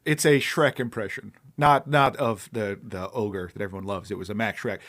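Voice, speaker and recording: A man's voice: fairly low pitch, fairly even intonation, moderate pace, a bit bright. A man co-hosting a podcast, chatting casually with wry remarks and frequent restarts. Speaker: podcast co-host. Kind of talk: casual chat.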